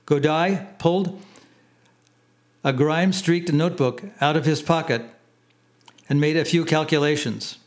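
A man reading his memoir aloud in plain, unhurried storytelling. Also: on the high side. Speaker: narrator. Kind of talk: memoir audiobook narration.

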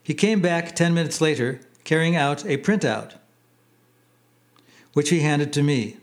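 A man reading his memoir aloud in plain, unhurried storytelling. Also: on the high side. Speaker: narrator. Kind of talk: memoir audiobook narration.

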